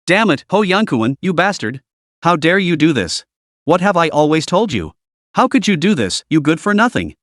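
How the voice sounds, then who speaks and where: A man's voice: a little high, sing-song, moderate pace, a bit bright, no room sound, clean studio sound. A man voicing a stern old male official who scolds and lectures his disgraced aide. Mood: furious. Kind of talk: audiobook character voice.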